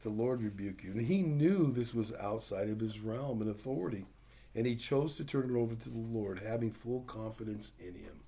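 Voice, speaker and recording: A man's voice: medium pitch, animated, normal speed, vocal fry, warm tone. A man preaching a conversational sermon, plain-spoken and full of rhetorical questions. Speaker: pastor.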